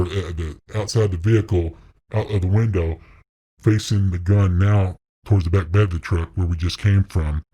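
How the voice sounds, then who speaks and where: A middle-aged man, an interview guest, telling his hunting story in a blunt, excited way and swearing freely. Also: sits low, no echo. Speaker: interview guest, deer hunter. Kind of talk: casual storytelling.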